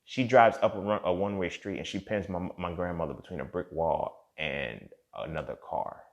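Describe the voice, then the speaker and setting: A man's voice: deep voice, normal speed, highs cut off. A man hosting a show and telling a personal story in a casual, profane way, often speaking straight to the listener. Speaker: host.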